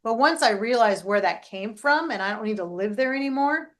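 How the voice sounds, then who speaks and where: Middle-aged woman coaching a friend on a podcast, lively and chatty, keeps saying right?. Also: a little high, brisk. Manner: animated, keeps adding "right?". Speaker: life coach and podcast host. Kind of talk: casual coaching chat.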